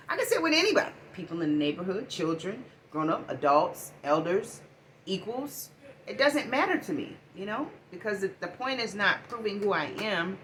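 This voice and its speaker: A middle-aged woman giving a casual spiritual oracle card reading, talking in a preachy way and swinging between loud bursts and hushed asides. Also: fairly low pitch, slight background noise.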